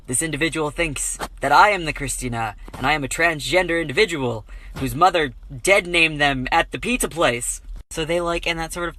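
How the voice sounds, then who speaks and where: A young man telling a story in a wry, deadpan way. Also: on the high side, normal speed, rough recording. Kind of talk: comic story time.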